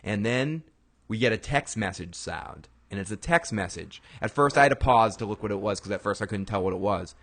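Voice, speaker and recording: A man hosting a casual show, recapping an episode in an excitable way. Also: lowish voice, a little fast. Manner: excitable, retells scenes by acting out the lines. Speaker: podcast host.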